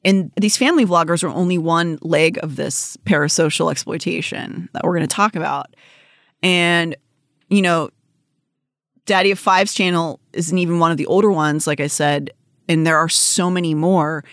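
Blunt young woman podcast host, lowish voice, dry close sound. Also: moderate pace, no room sound. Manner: blunt, swears freely, laughs often. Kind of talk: casual podcast chat.

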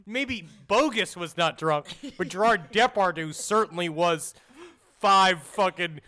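A man's voice: high voice, measured pace, sharp tone. A man who is a podcast guest, riffing in casual banter with crude, profane jokes.

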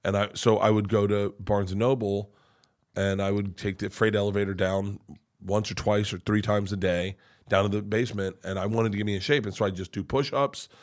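A man's voice: fairly low pitch, brisk. A middle-aged man, a comedian, telling a rambling comic story as a podcast guest, swearing freely and acting out the voices of the people in it. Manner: animated, swears freely, acts out quoted voices.

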